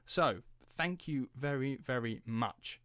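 A man's voice: medium pitch, expressive, normal speed, pushed and bright, dry recording, studio quality. A British man hosting a casual podcast, chatting and telling rambling stories with lots of fillers. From Britain. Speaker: podcast host.

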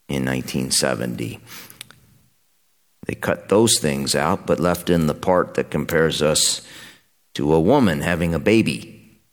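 A man, a pastor, reading scripture and giving a homily in a measured, solemn way. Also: very deep voice, big-room sound.

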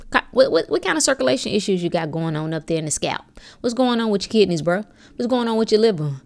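A woman's voice: mid-range voice, creaky. A woman hosting a podcast, giving a blunt, preachy, profane motivational monologue that climbs to fervent emphasis. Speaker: podcast host.

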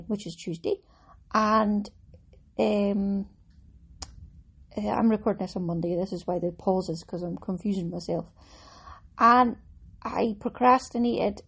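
A woman with a mid-pitched, husky voice, chatting casually on her craft podcast. She rambles cheerfully, stops to correct herself and pokes fun at herself. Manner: chatty, self-mocking, rambling with fillers. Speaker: podcast host. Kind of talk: casual chat.

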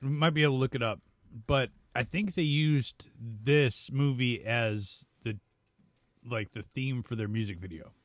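A man's voice: medium pitch, no room sound. Dry-sounding jokey podcast host guy. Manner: jokey, laughs often, drawn-out when reading a summary. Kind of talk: casual movie chat podcast. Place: small studio. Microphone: new studio microphone.

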